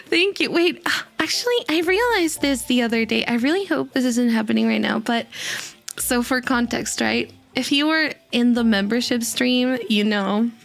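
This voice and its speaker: A woman streamer chatting casually with her viewers, giddy and hyper, laughing often between unhurried sentences into a desk mic. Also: fairly high pitch, vocal fry. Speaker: VTuber streamer. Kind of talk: casual livestream chat. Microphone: desk microphone.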